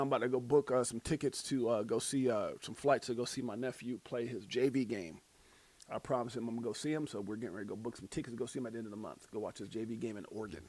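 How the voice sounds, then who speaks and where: A middle-aged man hosting a crypto livestream in casual chat, hyped and joking as he gives shout-outs. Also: on the high side, dry recording.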